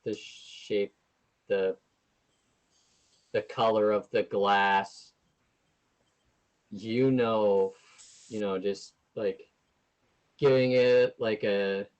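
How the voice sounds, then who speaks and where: A man's voice: fairly low pitch, steady tone, very slow, pauses often, lo-fi sound. A man running a tabletop game as game master, talking in a hesitant, loose and profane way.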